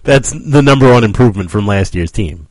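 A man co-hosting a casual sports podcast, wry and quick with his quips. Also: fairly low pitch, expressive, no echo, rough recording. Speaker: podcast co-host.

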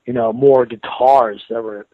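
A man, a metal guitarist, talking in a relaxed, rambling way in a casual interview, with restarts and soft laughs. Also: mid-range voice, measured pace, no room sound. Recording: tinny phone line.

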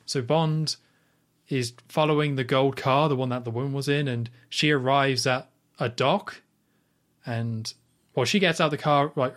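A man's voice: mid-range voice, fairly bright tone. A man hosting a podcast, casually retelling film scenes at length, with lots of "like" and restarts. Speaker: podcast host. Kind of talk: casual film recap chat.

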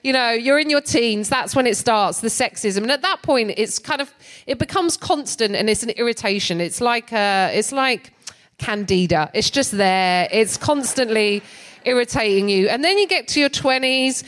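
An English comedian and co-host in middle age tells a stand-up story, her delivery wry and animated and frequently dissolving into laughter. Her voice sits on the higher side and moves at a moderate pace.

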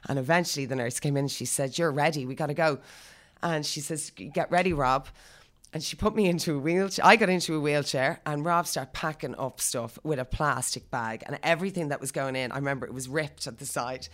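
A woman in her thirties, a guest chatting casually and telling lively stories full of acted-out quotes. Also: low voice, fast talker, hardly any pauses. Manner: lively storyteller, acts out quotes. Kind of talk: casual chat.

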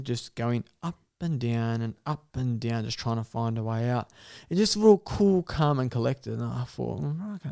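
Gravelly man telling a wild story. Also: a little high. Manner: animated, swearing, laughing through a story. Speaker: guest storyteller. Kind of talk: casual podcast storytelling.

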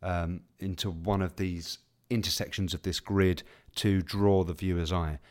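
A man from England co-hosting a casual movie podcast with dry, deadpan humor. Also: sits low, a little slow. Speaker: podcast co-host.

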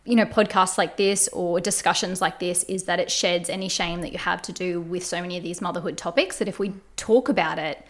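A woman's voice: on the low side, fairly even intonation, brisk, few pauses. A woman guest on a podcast, telling a personal story in an earnest, reflective way. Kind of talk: candid conversational storytelling.

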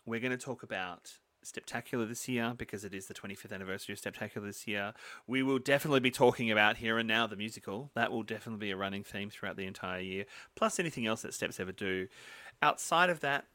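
A man's voice: lowish voice, quick pace, bright, forceful tone, dry recording. A man co-hosting a fan podcast in casual chat, enthusiastic as he reads out listener voice notes and answers them. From Australia. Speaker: podcast co-host.

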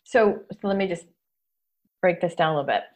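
A woman hosting a casual interview, teaching lively and acting out the voices in people's heads. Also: lowish voice, a little fast. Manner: animated, acts out inner voices. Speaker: host, coach.

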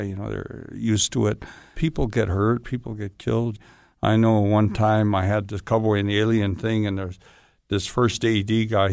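A stunt performer in an interview, telling long rambling stories in a casual way and often saying "you know". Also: male voice, fairly low pitch, gravelly, no room sound, clean studio sound.

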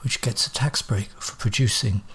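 A man doing a polished, formal gentleman. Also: medium pitch, normal speed, slightly rough. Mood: courteous. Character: urbane, impatient male gentleman mediator.

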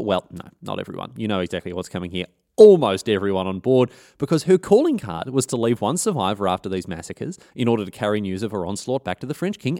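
Aussie bloke spinning a history yarn, irreverent and chatty, lots of ums. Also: male voice, mid-range voice, darkish tone, dry recording, studio quality. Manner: slangy, irreverent, many fillers. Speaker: podcast host. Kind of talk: comic history storytelling.

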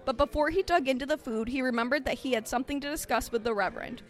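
A woman's voice: sits high, fast talker, soft background music. A woman podcast host giving a comedic dramatic reading of a parody story, mock-earnest with wry asides.

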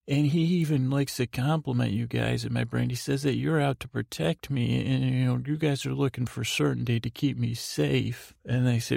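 A man's voice: mid-range voice, steady tone, moderate pace, creaky, hardly any pauses, darkish tone, dry recording, clean studio sound. A man hosting a sleep podcast, talking in a detached, tired, meandering way with many restarts. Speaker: podcast host. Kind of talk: rambling sleep podcast monologue.

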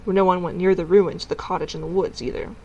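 A woman narrating a storybook chapter aloud in an even, measured way. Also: fairly low pitch, muffled recording, slight background noise. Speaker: audiobook reader.

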